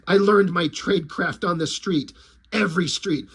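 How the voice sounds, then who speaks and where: A man's voice: high voice, normal speed, fairly bright tone, breathy edge, pitched below the performer's own voice. A man voicing a grim, self-serious male vigilante who speaks in overblown tough-guy boasts. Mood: brooding.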